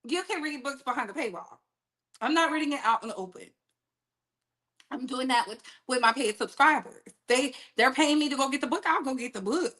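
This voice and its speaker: Female gossip streamer with a high, bright voice; animated, chatty, laughs a lot. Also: a little fast. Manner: animated, laughs often, talks straight to her chat. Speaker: gossip livestream host. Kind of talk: casual livestream gossip chat.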